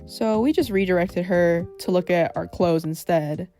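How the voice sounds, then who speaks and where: A woman's voice: fairly low pitch, moderate pace, dark tone. A young woman narrating a storytime vlog in a wry, sarcastic way. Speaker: vlogger. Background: faint background music.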